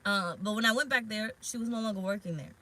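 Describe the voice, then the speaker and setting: A bright-voiced woman tarot reader talks straight to her viewers in a loose, rambling way. She is frank and swears casually as she speaks. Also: medium pitch, fast talker, poor audio. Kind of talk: casual spiritual vlog talk. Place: parked car.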